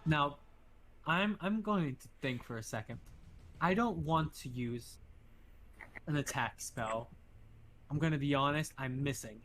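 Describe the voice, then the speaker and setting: A man's voice: fairly high pitch, a little slow, long pauses, fairly bright tone, a little hiss or hum. A man playing in a casual tabletop game, thinking aloud about his spells and swearing now and then. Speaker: player.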